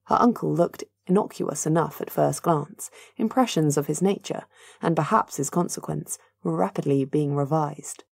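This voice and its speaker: A woman narrating a fantasy audiobook in an even, measured way. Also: sits low, creaky, breathy edge, no room sound, studio quality. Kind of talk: scripted narration.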